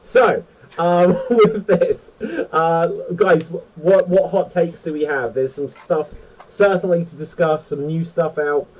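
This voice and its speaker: A man's voice: a little high, steady tone, slow pace, a little mellow, far from the mic, rough recording. A man hosting a casual online panel chat, rambling and correcting himself as he talks. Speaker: host.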